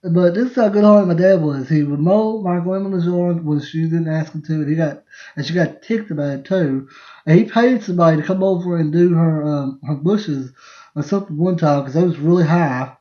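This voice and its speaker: A man's slightly high voice moves a little fast as he hosts a podcast on a casual live stream. He rambles through family stories, laughing and restarting in the middle of sentences, captured in lo-fi, dull sound.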